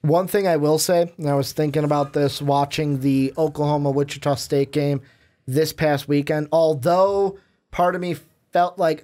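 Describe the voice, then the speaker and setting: A man's voice: a little high, moderate pace, darkish tone. A man co-hosting a casual sports podcast, chatty and jokey as he talks through games and picks. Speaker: podcast co-host.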